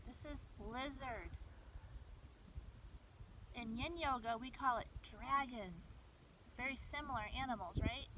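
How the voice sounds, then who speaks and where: A woman guiding a children's yoga class outdoors, speaking gently and encouragingly to kids from a distance away from the camera. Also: fairly high pitch, unhurried, pauses often. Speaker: kids' yoga teacher. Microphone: camera mic from far away. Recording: distant voice with outdoor background noise.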